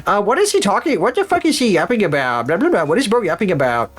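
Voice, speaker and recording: A man's voice: high-pitched, very animated, fast talker, soft background music, pitched above the performer's own voice. A man mimicking a snotty teenage boy who leaves stream comments, in a sneering, mocking tone.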